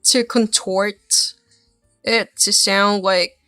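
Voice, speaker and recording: A woman streamer who is not a native English speaker chats casually, musing in soft trailing asides. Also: medium pitch, fairly even intonation, very slow, no room sound, studio quality, soft background music. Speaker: streamer reacting to videos. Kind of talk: casual chat.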